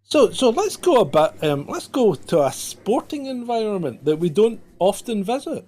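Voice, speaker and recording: A man's voice: high-pitched, very animated, normal speed, dark tone. Exasperated man co-hosting a live stream. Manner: exasperated, mocking, laughs often. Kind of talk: casual live-stream chat.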